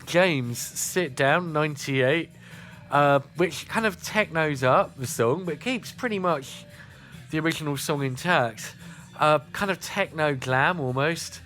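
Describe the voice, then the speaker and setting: A man's voice: fairly high pitch, normal speed, a bit bright, faint music behind. A man with a southern English accent from Kent and Sussex, chatting casually as a radio host between songs, with many "uh" fillers. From South East England. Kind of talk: casual music radio chat.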